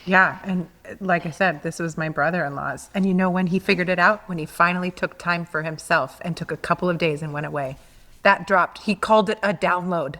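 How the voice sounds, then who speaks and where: A woman's voice: fairly low pitch, steady tone, a little fast, pushed and bright, in a large hall. A woman co-hosting a reflective podcast, searching for words as she reflects. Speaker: podcast co-host. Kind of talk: reflective conversation.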